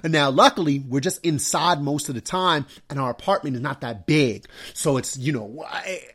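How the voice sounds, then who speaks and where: A young adult man hosting a podcast, telling stories about his baby daughter in a casual, animated way. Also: moderate pace, slightly rough. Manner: animated storytelling, mimics his wife and daughter in high voice. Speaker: podcast host. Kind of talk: casual solo podcast talk.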